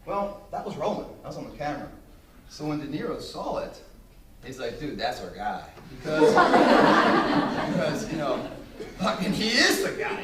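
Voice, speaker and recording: A man giving a speech to an audience, telling brash, profane, animated stories. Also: sits high. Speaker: motivational speaker. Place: room with an audience. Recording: roomy, distant mic, faint ambience.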